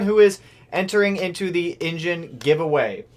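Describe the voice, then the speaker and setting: A man hosting a car livestream, chatting casually and excitedly calling out viewers' names. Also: fairly high pitch, normal speed. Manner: excitable, shouts out chat names. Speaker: car channel host.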